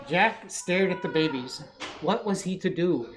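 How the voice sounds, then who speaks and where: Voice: mid-range voice, normal speed. A storytime reader, reading a picture book aloud to children with playful asides. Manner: playful, with asides to young listeners.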